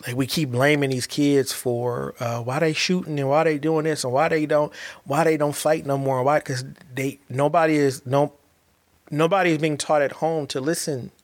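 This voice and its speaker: A man's voice: on the high side, steady tone, moderate pace. A man and father giving a heartfelt monologue, earnest and emphatic, often repeating and restarting his words.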